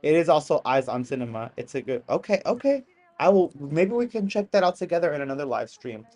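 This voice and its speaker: Live-stream host, casual reaction commentary, mid-pitched voice, excitable with sudden loud outbursts, chatty asides to the chat. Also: quick pace. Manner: excitable, bursts into loud exclamations; chatty, apologetic asides to viewers.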